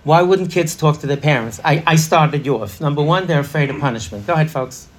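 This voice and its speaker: Husky middle-aged man leading a parenting workshop. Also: on the high side, fairly quick. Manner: chatty, quizzes the audience, laughs often. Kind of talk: interactive workshop talk. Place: room with a live audience.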